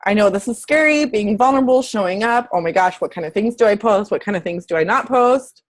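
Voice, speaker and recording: A woman's voice: medium pitch, brisk. A woman fitness coach in her thirties, talking to camera in a candid, chatty way and swearing casually. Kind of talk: casual motivational talk to camera.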